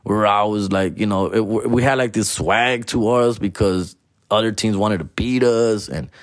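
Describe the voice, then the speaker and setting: A man's voice: lowish voice, normal speed, no room sound, clean studio sound. Profane man telling stories. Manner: profane, mixes Spanish and English slang. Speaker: comedian telling a story. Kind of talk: casual storytelling monologue.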